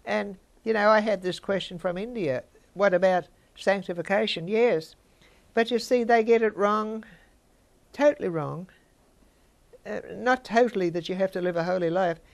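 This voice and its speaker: Older woman, Bible teacher, conversational, gravelly voice with a little fry. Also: mid-range voice, normal speed. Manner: conversational, chats with listeners.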